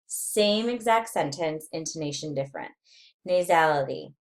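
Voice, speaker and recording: Woman, low voice, nursing instructor, recorded lecture, reads off slides, lots of ums. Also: moderate pace, fairly bright tone. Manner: reads slide points aloud with many fillers.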